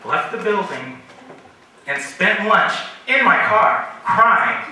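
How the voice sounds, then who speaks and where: A young man telling a stand-up story at a comedy graduation show, animated and acting out the voices of the people in it. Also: high voice, takes it slowly. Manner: animated, acts out quoted voices. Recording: very echoey room, far from mic, noisy.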